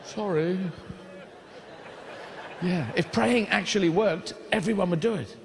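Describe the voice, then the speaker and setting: A male stand-up comedian telling rambling, animated stories on stage, swearing freely and slipping into voices. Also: sits high, unhurried, gravelly, background noise.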